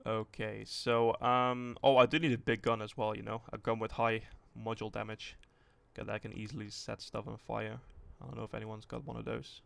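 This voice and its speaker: A man streaming a tank game live, thinking aloud in a rambling, relaxed way and swearing casually as he sets up a test with viewers. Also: on the low side, normal speed, gravelly, few pauses, no echo. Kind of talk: casual livestream commentary.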